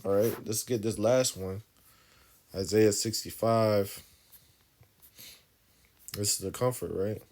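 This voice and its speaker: A man's voice: lowish voice, slow, long pauses, a little mellow. A man giving informal bible teaching, reading verses aloud and explaining them emphatically, often tagging his points with "right?". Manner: emphatic, keeps asking "right?" after each point. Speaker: scripture teacher.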